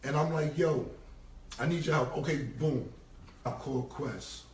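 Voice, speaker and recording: A man telling a casual story, animated and acting out quotes in other voices. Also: a little high, measured pace. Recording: echoey room, far from mic, faint noise.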